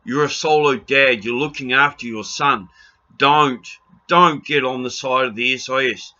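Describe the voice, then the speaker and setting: A man's voice: medium pitch, a little slow, pushed and bright, highs cut off. A New Zealand man in an impassioned rant to camera, blunt and pleading, raising his voice and swearing freely. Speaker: video blogger.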